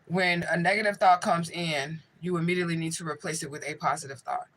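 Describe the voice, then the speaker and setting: A woman's voice: fairly low pitch, steady tone, fast talker, a bit bright, rough recording. A woman working as a spiritual medium, hosting a casual livestream and answering viewers' chat in a blunt, profane way.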